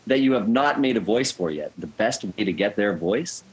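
Animated, lively male guest co-host. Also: lowish voice, normal speed, slight background noise, low-quality recording. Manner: animated, teasing, self-described foul-mouthed. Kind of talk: casual live show chat. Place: studio.

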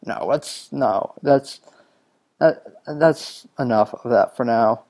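A man from New Mexico talks to his podcast audience between songs, taking his time and filling gaps with ums and uhs. His tone is casual and self-amused, and his voice sits at an ordinary middle pitch. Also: slow pace, a little mellow. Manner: rambling, filler-heavy, self-amused. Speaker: music podcast host. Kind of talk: casual solo podcast talk.

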